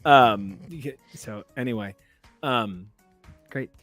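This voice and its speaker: A man hosting a podcast in casual chat, telling long, animated stories with lots of fillers. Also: mid-range voice, slow pace, dry recording, faint music behind. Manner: rambling, animated storyteller. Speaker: podcast host.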